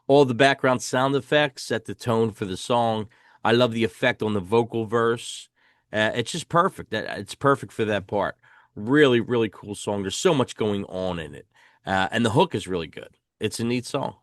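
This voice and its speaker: A man's voice: medium pitch, no echo, studio quality. Enthusiastic man hosting a casual review. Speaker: podcast host. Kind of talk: casual album review chat.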